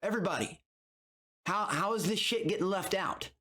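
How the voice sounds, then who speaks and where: A man's voice: high voice, normal speed, pushed and bright. A man streaming his reactions to recaps, talking in a rambling, heated and profane way. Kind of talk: casual reaction commentary.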